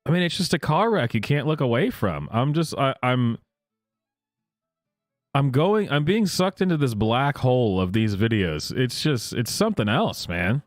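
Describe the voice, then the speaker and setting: A man hosting casual reaction commentary, incredulous and halting, often breaking into laughter. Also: mid-range voice, big pitch swings, dry recording, clean studio sound, faint music behind. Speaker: host.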